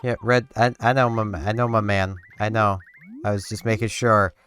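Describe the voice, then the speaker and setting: A man's voice: lowish voice, steady tone, normal speed, fairly bright tone. A man giving casual let's-play commentary, rambling and talking to himself and to the game as he plays. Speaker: gameplay commentator.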